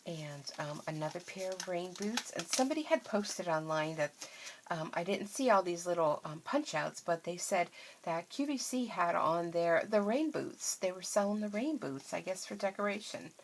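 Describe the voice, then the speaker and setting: A woman, a craft vlogger, chatting casually through an unboxing, gushing and easily excited, tired and yawning now and then. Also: on the low side, normal speed, a little hiss or hum.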